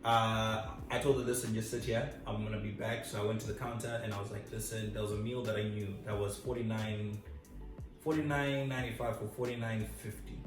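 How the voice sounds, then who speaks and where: A man's voice: fairly low pitch, level tone, a little fast. A man from Zimbabwe telling a story in a casual, chatty, self-mocking way. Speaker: vlog co-host. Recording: echoey room, distant mic, music.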